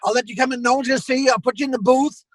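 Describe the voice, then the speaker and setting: A man's voice: very high-pitched, rapid-fire, no room sound, poor audio. A man who owns a comedy club, telling anecdotes as a guest and acting out the exchanges he recalls. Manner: animated storyteller acting out quoted exchanges.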